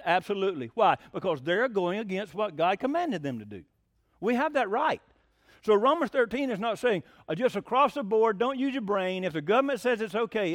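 Male preacher, high-pitched, folksy and excitable, close dry recording. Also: dry recording. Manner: excitable, rising to near-shouting, rhetorical questions; folksy, plain-spoken. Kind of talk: sermon.

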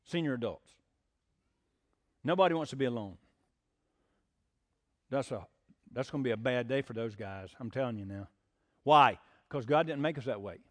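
A man's voice: mid-range voice, animated, normal speed, long pauses, fairly bright tone. An older man preaching a folksy sermon as pastor, mixing homespun jokes with emphatic preaching. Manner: homespun, jokey asides, rising to emphatic preaching.

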